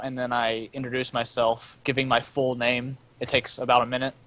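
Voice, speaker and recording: A man's voice: mid-range voice, steady tone, brisk, a bit bright, slight background noise. A man playing a tabletop game, describing his character's actions and asking the game master questions. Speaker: player. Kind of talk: casual tabletop game play.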